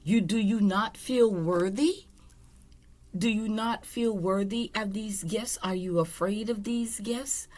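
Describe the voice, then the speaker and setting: Woman tarot reader, unhurried and blunt, casual spiritual talk with cursing. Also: mid-range voice, a little mellow. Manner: blunt and candid, with swearing.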